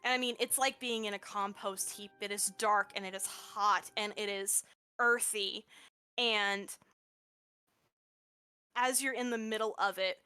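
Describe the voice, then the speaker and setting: A woman's voice: mid-range voice, sharp tone, clear, resonant tone, no room sound, clean studio sound. A woman running a tabletop game as game master, narrating unhurriedly with plenty of fillers.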